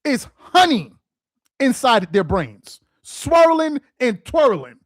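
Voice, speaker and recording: A man with a high voice that swings wide, ranting about sports with mocking disbelief. He fires off rhetorical questions, stumbles over repeated words when he gets worked up, and rises into shouts. The sound is close and dry. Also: very animated, slow pace, no room sound. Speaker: sports commentator host. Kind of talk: sports rant to camera.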